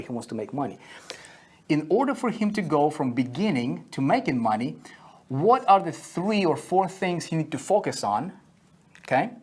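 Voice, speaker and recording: A man's voice: a little high, slightly rough. A man teaching an online marketing lesson at a whiteboard, repeating key phrases and checking in with "okay?" and "right?" after each point.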